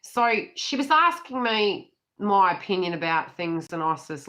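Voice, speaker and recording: A woman's voice: on the low side, big pitch swings, a little slow, few pauses, fairly bright tone. Chatty Australian woman tarot reader. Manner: chatty, giggly, swears freely. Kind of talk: casual tarot reading. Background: birds calling.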